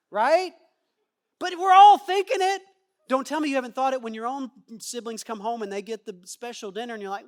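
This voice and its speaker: Animated male pastor preaching. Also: very high-pitched, a little fast. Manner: animated, acts out quoted voices, swings from loud to quiet. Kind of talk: sermon. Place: church.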